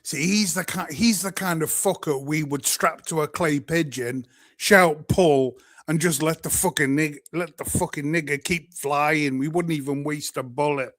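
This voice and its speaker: A man's voice: a little high, normal speed, a bit bright. A British man hosting a livestream, ranting in an angry, profane, exasperated way. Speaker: livestream host. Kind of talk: profane live-stream rant.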